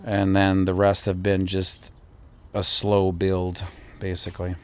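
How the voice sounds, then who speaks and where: Male streamer host, lowish voice, casual and rambling, answers viewer comments live. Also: takes it slowly, smooth. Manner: relaxed and rambling, with frequent fillers and restarts. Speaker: crypto channel host.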